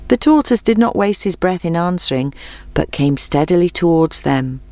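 A woman reading a children's story aloud in a clear, measured, expressive way. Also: fairly low pitch, no room sound. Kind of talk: scripted storybook narration.

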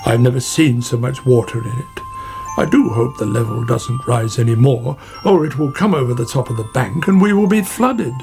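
A man's voice: medium pitch, normal speed, creaky, lightly acted. A man reading a storybook aloud, voicing a chatty, concerned male otter, with music behind.

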